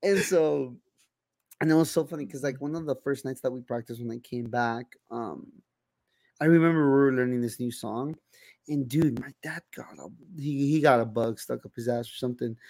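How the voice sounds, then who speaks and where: A young man co-hosting a podcast chats casually in a mid-range, gravelly voice edged with fry, a little mellow, at a moderate pace. His talk is loose, packed with swearing, "like," "you know," other fillers, and restarts. The audio is dry and close, with no room sound at all.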